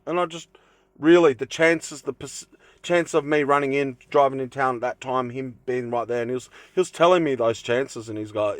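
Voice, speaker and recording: A man's voice: mid-range voice, fairly even intonation, moderate pace, no room sound. A young man chatting casually to camera from his van, rambling with lots of fillers and restarts. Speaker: vlogger. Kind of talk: casual vlog talk to camera. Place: inside his camper van.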